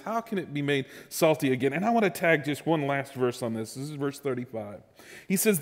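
A man preaching a sermon, telling stories and swinging between loud and soft delivery. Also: fairly high pitch, in a large hall. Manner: animated storytelling with sudden loud and soft swings. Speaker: pastor.

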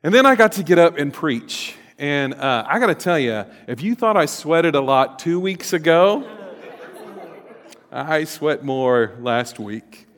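Middle-aged pastor preaching in a reverberant hall. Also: male voice, on the high side, animated, measured pace, some chatter behind. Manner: conversational, with fillers and restarts, rising to loud emphasis. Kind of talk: sermon. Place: church sanctuary. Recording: long reverb of a large hall.

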